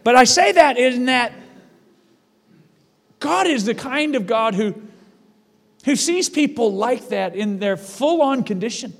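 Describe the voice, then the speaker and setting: High-voiced man preaching in a reverberant hall. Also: animated, measured pace, pauses often. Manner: emphatic preaching with repeated phrases. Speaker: pastor. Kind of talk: sermon. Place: church.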